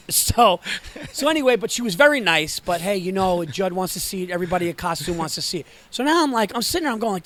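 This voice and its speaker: A man telling a comic story as a podcast guest, excitable and acting out both sides of a conversation. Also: high-pitched, brisk. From Greek and Sicilian heritage. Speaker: comedian guest. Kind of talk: animated storytelling.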